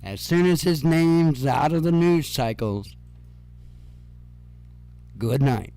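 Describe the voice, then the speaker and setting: A man's voice: on the high side, expressive, slow, creaky, dark tone, soft background music. A man hosting casual news commentary, sarcastic and profane, with chuckling asides.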